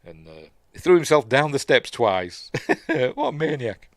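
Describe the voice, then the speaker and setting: A man's voice: medium pitch, wildly swooping pitch, measured pace, no echo. A man with a Yorkshire accent gives a casual, rambling watch-along commentary on a film, full of fillers and restarts, as host of his own show. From Yorkshire, England.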